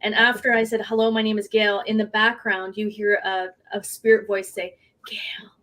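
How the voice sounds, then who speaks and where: A woman's voice: medium pitch, level tone, brisk, fairly bright tone. A woman who films for a paranormal team, telling a story as a guest on a show, hesitant, with many fillers and laughs. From Canada. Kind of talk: casual storytelling.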